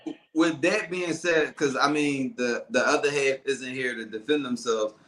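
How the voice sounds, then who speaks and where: A man's voice: mid-range voice, moderate pace, fairly bright tone. A man hosting a podcast, talking loosely and casually with slang while reading the live chat. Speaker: podcast host. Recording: roomy echo.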